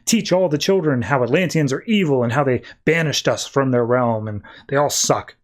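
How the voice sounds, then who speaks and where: A man's voice: medium pitch, normal speed, lightly acted. A man voicing a brash, scornful young woman warrior in a casual comic recap, with a snappy, sarcastic delivery. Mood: brisk.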